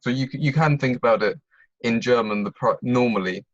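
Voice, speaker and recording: A man's voice: medium pitch, a little fast, no echo, muffled recording. A man tutoring German on a video call, explaining step by step and checking that his students follow. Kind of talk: online tutoring lesson.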